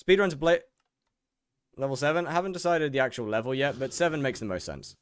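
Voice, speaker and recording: A man's voice: medium pitch, quick pace, smooth, no room sound. A young man from England, streaming a game and bantering sarcastically with his chat. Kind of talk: casual chat with viewers while gaming.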